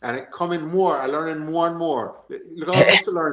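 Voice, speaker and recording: Over a loud crowd in an echoey room, a Jamaican-accented podcast host chats casually about football at normal speed, his voice a little high. He's animated, repeats himself, and keeps asking "you understand?"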